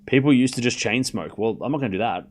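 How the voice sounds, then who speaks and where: A young man hosting a live tennis watchalong stream, chatting casually and excitedly repeating the score as points are played. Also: mid-range voice, quick pace. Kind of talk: live casual play-by-play commentary.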